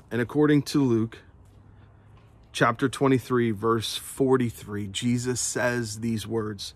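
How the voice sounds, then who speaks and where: A man speaking as a pastor in a slow, deliberate devotional talk. His voice sits at an ordinary middle pitch, and he is earnest and unhurried, often doubling a word before he goes on. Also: steady tone.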